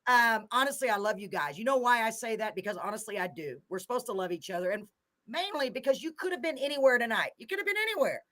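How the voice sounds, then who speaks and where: A woman's voice: fairly high pitch, lively intonation, quick pace, fairly bright tone. A middle-aged woman hosting a live show, effusive and chatty, laughing often. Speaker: host. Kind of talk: casual live show chat.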